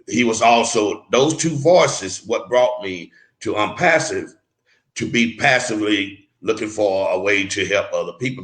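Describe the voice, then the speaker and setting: A man with a lowish, bright voice and a forceful tone speaks earnestly and emphatically as a guest mentor in an interview, often restarting and repeating words. The recording is rough and reverberant.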